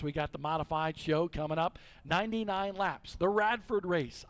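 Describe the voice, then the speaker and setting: A man from the North Carolina mountains, chatty and folksy as he announces a stock car race. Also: on the high side. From western North Carolina. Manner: chatty, folksy, joking with his co-host. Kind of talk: live racing commentary.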